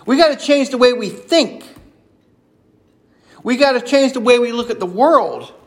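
A man's voice: extremely high pitch, lively intonation, normal speed. A man preaching a sermon on prayer in an earnest, conversational way, acting out sample prayers as he goes.

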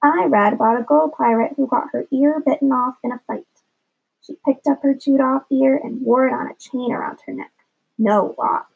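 Woman doing a feisty kid girl from a book, sassy, husky voice, lo-fi. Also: high voice, normal speed, full character voice. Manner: spirited, sassy. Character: feisty bold young girl. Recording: dull lo-fi recording.

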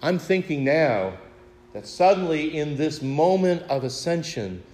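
A man in his sixties, a pastor, preaching a sermon with expressive storytelling, rhetorical questions and wry humor. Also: a little high, unhurried, reverberant. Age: 60s.

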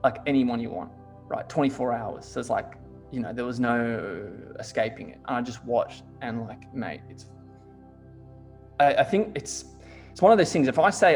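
A man's voice: mid-range voice, brisk, soft background music. Swearing man, casual chat. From Australia. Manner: swears a lot, heavy use of "like", animated storytelling.

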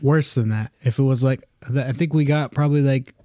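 A man's voice: mid-range voice, steady tone, a little fast, mellow, no room sound. A man co-hosting a podcast, talking in a loose, profane, ranting way in casual chat. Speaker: podcast co-host.

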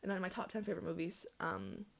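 A woman's voice: on the low side, very animated, fast talker, vocal fry. A young woman hosting her own solo podcast, chatting in a rambling way full of ums and restarts. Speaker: podcast host. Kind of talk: casual solo podcast chat.

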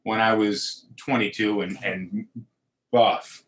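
Low-voiced man telling casual stories. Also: fairly even intonation, slow pace, fairly bright tone. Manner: storytelling, repeats words, crude jokes. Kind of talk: casual chat.

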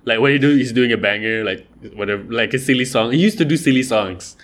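A young man, co-hosting a casual podcast chat about rap, rambling and relaxed with lots of fillers. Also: medium pitch, fast talker. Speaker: podcast co-host.

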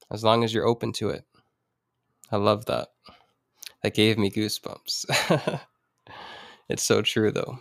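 An earnest man talks alone on his own podcast, reflective and encouraging, with the odd jokey aside. His voice sits at an ordinary middle pitch. The sound is close and dry, with no room around it. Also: fairly bright tone, no room sound. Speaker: podcast host. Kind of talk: solo motivational podcast talk.

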